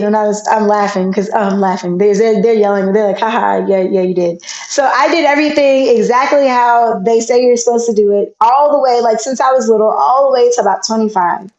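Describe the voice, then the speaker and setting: A woman in her thirties, chatting as a guest and telling stories in an animated way, acting out the voices in her tales. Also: fairly high pitch. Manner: animated storyteller, acts out voices in her tale. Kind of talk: casual chat. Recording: echoey, dull lo-fi sound.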